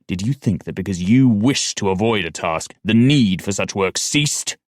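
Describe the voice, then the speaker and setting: Man doing an aged court assassin mentor, very low and dry, quiet and unhurried; audiobook. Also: no echo. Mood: angry. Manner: measured, quiet and slow. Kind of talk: audiobook dialogue.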